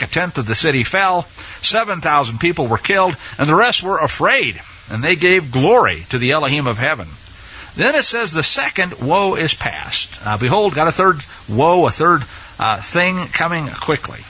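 A man's voice: on the high side, bright, forceful tone, breathy edge. A man giving an informal Bible teaching, reading passages aloud and musing over them with questions to himself. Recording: dull lo-fi sound.

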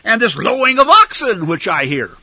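A man's voice: high voice, very animated, unhurried, pushed and bright, husky, no echo, exaggerated voice. A man voicing a stern, exasperated old prophet who scolds a king with sarcasm and modern slang, on a dull lo-fi recording. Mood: sarcastic.

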